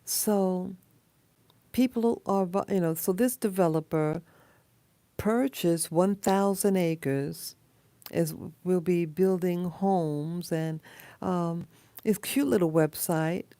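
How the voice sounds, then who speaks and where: A woman talking casually in a rambling monologue, pausing often with fillers and restarts. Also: fairly low pitch, mellow, no echo. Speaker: video blogger.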